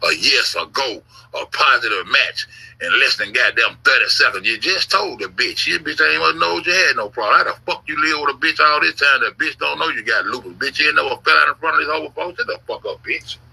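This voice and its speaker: A man telling a long, rambling story in a casual stream, full of cursing and repetition, mixing low grumbles with loud outbursts. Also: lively intonation, fairly quick, gravelly, slightly rough, rough recording. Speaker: YouTube commentator.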